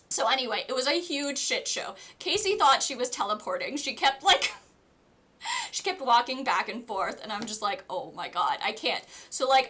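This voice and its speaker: A young woman with a bright, fairly high voice tells a storytime on a live stream. She talks in a chatty, animated way, with plenty of "like" fillers, and breaks off to answer her chat. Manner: chatty, animated, many "like" fillers, laughs while telling. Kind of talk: casual storytime.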